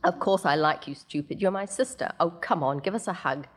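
A woman's voice: fairly low pitch, fairly quick, natural voice. A woman reading a story, voicing an impatient, earnest teenage girl. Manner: impatient and pleading.

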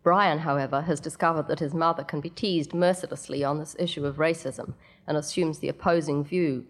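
Low-voiced woman reading a story aloud. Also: fairly even intonation. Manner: measured, slipping in casual asides. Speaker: narrator.

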